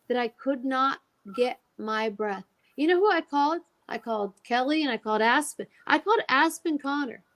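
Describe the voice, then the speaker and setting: A woman telling an emotional personal story as a guest, acting out the voices of the people she quotes. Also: on the high side. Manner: animated, acts out quoted dialogue.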